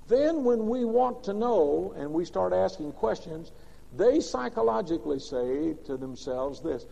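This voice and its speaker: Dramatic preacher in an echoing old recording. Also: male voice, expressive, normal speed, gravelly. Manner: dramatic swings between loud emphatic bursts and quiet, low asides. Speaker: pastor. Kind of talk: sermon. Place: large church sanctuary. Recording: old lo-fi recording with long reverb.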